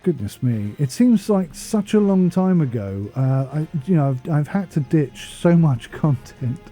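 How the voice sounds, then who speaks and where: An English man talking casually over game footage, rambling from one tangent to the next with a self-deprecating tone. His voice is very dark and husky, with faint game music playing softly behind him. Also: fairly high pitch, animated, a little slow. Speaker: gaming channel host. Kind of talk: casual gameplay commentary voice-over.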